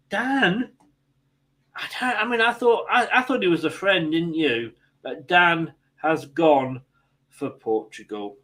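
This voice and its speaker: A man's voice: on the high side, a bit bright, slight background noise, low-quality recording. A man from England hosting a casual football chat, chatty, laughing often and restarting his sentences. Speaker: host.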